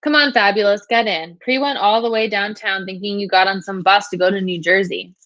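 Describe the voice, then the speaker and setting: A woman's voice: mid-range voice, fairly even intonation, fairly quick, fairly bright tone, no echo, dull audio, lightly acted. An easygoing teenage boy teases and chats casually, read by a woman in her own voice. The sound is dry and close. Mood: teasing. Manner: teasing, casual.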